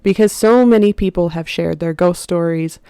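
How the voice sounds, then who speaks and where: A woman's voice: fairly low pitch, normal speed, warm tone, clean tone, no room sound, clean studio sound. A young woman hosting her own podcast, chatting casually and musing aloud, with lots of "you know". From Saskatchewan, Canada. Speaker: podcast host. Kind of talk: casual solo podcast talk.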